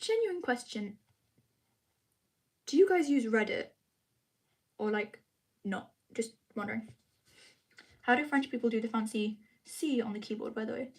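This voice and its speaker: Chatty teenage girl, slightly high voice. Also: lively intonation, unhurried, long pauses. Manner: chatty, giggly, restarts often. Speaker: livestream host. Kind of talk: casual livestream chat reading comments. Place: home room.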